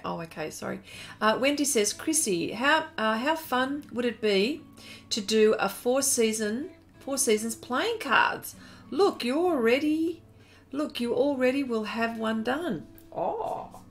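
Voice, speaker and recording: A woman's voice: a little high, expressive, measured pace, soft background music. An Australian woman running a live painting demonstration, chatting and giggling as she reads out viewer comments and greets people by name. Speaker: art instructor on a live stream. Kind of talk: live-stream painting demo, reading chat aloud.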